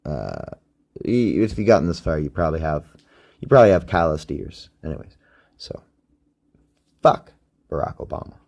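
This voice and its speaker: Low dude ranting into his phone, swears a ton, rambly solo podcast. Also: sing-song, normal speed, vocal fry, pauses often, a little mellow, breathy edge. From Canada. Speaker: podcast host. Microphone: phone used as microphone.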